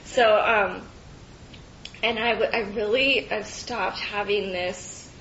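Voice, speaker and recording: Brief: woman, slow halting speaker, laughs often, dull echoey meeting-room recording. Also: mid-range voice, fairly even intonation, a bit bright, a little hiss or hum. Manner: halting, with frequent fillers and restarts; laughs often between phrases. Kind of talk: personal share at a recovery meeting.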